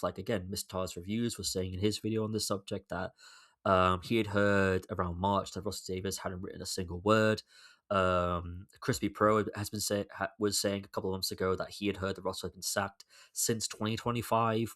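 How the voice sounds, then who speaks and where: A man's voice: on the low side, fairly bright tone. A young man hosting his own podcast, rambling through exasperated solo commentary and swearing freely. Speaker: podcast host.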